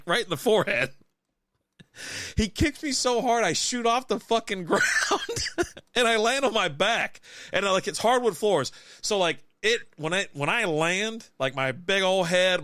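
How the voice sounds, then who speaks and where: A man's voice: high-pitched, bright, forceful tone, no echo, studio quality. A man from Texas co-hosting a casual beer podcast, telling stories with frequent laughter and plenty of swearing. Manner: laughs often while storytelling, swears freely. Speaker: podcast co-host. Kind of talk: casual chat over beers.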